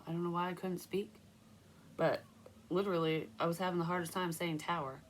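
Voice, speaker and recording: A woman's voice: lowish voice, fairly even intonation, a little fast, slight background noise. A young woman doing a casual tarot reading, rambling through personal stories and swearing freely. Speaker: psychic tarot reader.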